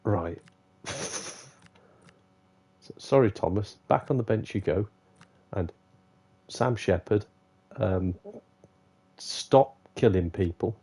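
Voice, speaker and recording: A man's voice: lowish voice, slow, long pauses, darkish tone, breathy edge. A man streaming a football manager game, chatting casually, muttering to himself and laughing often. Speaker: gaming streamer. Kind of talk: casual live gameplay commentary.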